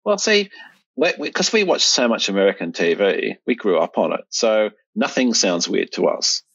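A man's voice: lowish voice, very animated, normal speed, vocal fry, a bit bright, husky, no room sound. A middle-aged Australian man in casual conversation, rambling with restarts and fillers. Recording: dull, lo-fi sound.

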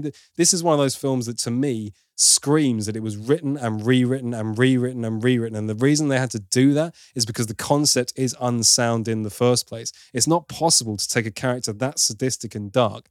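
A man's voice: mid-range voice, a little fast, few pauses, no echo, studio quality. A man giving an opinionated, casual film review as host, now and then mimicking for laughs. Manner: opinionated, playful mimicry of accents.

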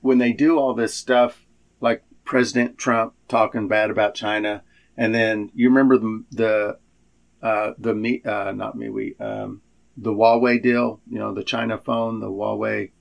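A man's voice: fairly low pitch, level tone, unhurried, vocal fry. A man co-hosting a casual political chat, wry and prone to restarting his sentences.

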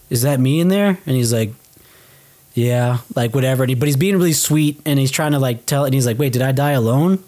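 A young man chatting casually as a podcast co-host, recapping a movie with lively energy. His voice sits at an ordinary middle pitch. He swears offhand and jumps into the characters' lines as he tells the story. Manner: animated retelling, swears casually, acts out quoted lines. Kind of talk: casual film recap chat.

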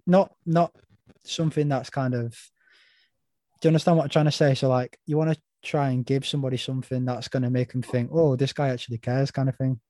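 A man's voice: mid-range voice, mellow, dry recording. A man hosting a casual podcast chat, thoughtful and asking open questions. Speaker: podcast host, personal trainer.

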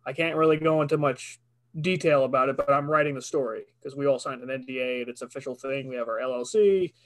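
A man's voice: medium pitch, fast. A man who works as a voice actor, talking casually as a podcast guest in a rambling, filler-heavy way.

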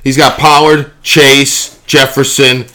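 A man's voice: mid-range voice, flat delivery, slow pace, bright, forceful tone. A man co-hosting a podcast in a studio, brash and profane, ribbing his co-host in casual banter. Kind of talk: casual fantasy football banter.

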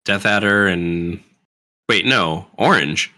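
A man's voice: low-pitched, slow pace, bright, forceful tone. A man co-hosting a podcast in casual chat, laid-back, blunt and given to swearing. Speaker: podcast co-host.

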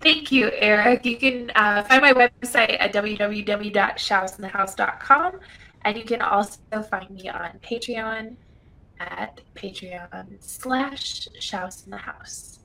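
A woman's voice: medium pitch, slow pace, creaky, pushed and bright, poor audio. A middle-aged woman guest on a podcast, chatting casually in a brash, profane, giggly way. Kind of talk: casual chat.

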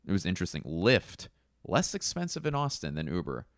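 A stand-up comedian from Philadelphia telling a rambling, casual anecdote full of fillers and self-corrections. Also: male voice, low-pitched, wildly swooping pitch, fairly quick, no echo, studio quality.

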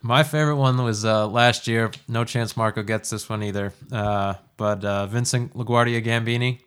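A man hosts a podcast in a loose, chatty way. He fills pauses with "uh" and "um" and laughs easily along with his co-hosts. His voice sits at an ordinary middle pitch. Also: steady tone, a bit bright, clear, resonant tone. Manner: easygoing, laughs often, many fillers. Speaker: podcast host. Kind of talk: casual chat.

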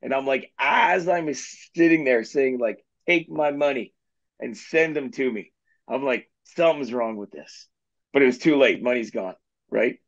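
A man's voice: mid-range voice, measured pace, creaky. A man co-hosting a real estate podcast, telling loose, self-deprecating stories and laughing at himself. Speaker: mortgage agent and podcast co-host. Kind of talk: casual podcast chat. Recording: slightly dull, muffled sound.

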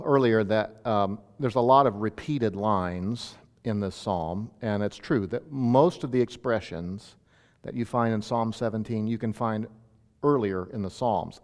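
A man's voice: mid-range voice, big-room sound. A male pastor teaching an expository sermon in a teacherly way, with emphatic bursts on key points.

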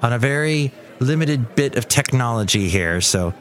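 A man's voice: medium pitch, lively intonation, normal speed, fairly bright tone, soft background music. A man hosting his own podcast in a rambling, playful monologue. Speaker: podcast host. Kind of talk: casual comedic monologue.

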